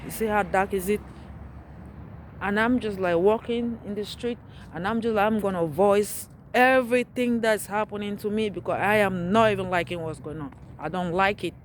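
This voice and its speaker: A woman walks a dark street at night, phone in hand, ranting in an agitated, repetitive way. Her voice sits at an ordinary middle pitch. Faint traffic noise runs behind her. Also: normal speed. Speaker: vlogger. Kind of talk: angry street vlog rant.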